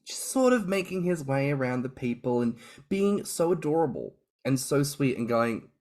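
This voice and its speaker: Animated male podcast storyteller. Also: mid-range voice, moderate pace. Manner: animated storyteller, swears and laughs freely. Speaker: podcast co-host. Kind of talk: casual podcast chat.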